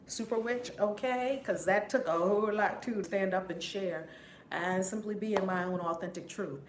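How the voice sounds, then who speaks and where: A woman's voice: mid-range voice, moderate pace. Upbeat lady reverend on a live stream, greets everyone over and over, roomy echo. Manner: effusive, upbeat, repeats greetings. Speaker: reverend and spiritual teacher. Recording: roomy echo, faint background noise.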